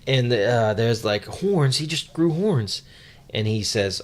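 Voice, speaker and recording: A man's voice: mid-range voice, expressive, takes it slowly. A man co-hosting a podcast, retelling a manga chapter in loose, casual chat with plenty of ums and uhs. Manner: swears casually. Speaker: podcast co-host.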